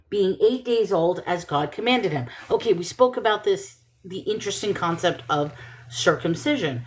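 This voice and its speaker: A woman reading Bible passages slowly and stopping to question and comment on them in casual talk. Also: medium pitch. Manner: thinks aloud, questioning and self-correcting; reads scripture slowly and deliberately.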